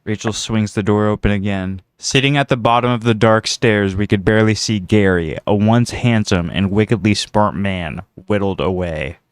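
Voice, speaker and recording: A man's voice: lowish voice, normal speed, few pauses, smooth, no echo, clean studio sound. A man reading out the narration of a comedic script in a matter-of-fact way.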